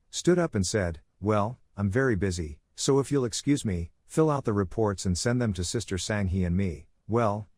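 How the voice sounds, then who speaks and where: A man with a low voice narrates a comic story recap and reads each character's lines in his own voice. The sound is dry and close, with no room around it. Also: darkish tone, dry recording.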